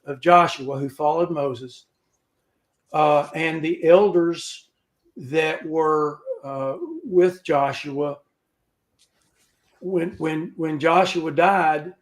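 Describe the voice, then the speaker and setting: Man, fairly high voice, informal scripture teaching, folksy joking asides, halting restarts, video call. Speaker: Bible study teacher.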